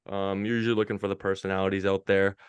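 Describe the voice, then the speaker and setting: Guest, male, low-ish smooth voice, dry close sound, upbeat slangy storyteller. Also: little pitch movement, racing, dry recording, highs cut off. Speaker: guest, hockey media interviewer. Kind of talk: casual podcast chat.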